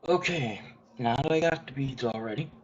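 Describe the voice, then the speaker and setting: A man giving a casual step-by-step wire jewelry tutorial from his worktable, explaining plainly with pauses. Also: medium pitch. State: talking with his mouth full. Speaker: jewelry maker demonstrating. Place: indoors at a worktable. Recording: dull lo-fi sound with faint room noise.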